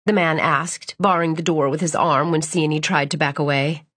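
A woman reads a novel aloud in a measured, steady storytelling voice. Her tone is husky and slightly breathy. The recording is close and dry. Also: low-pitched, dry recording. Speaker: audiobook narrator. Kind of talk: scripted audiobook narration.

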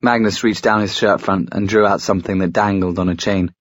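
A man reads a novel aloud in steady, scripted narration. His voice is low. The recording is close and completely dry. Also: a little fast, dry recording. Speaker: audiobook narrator.

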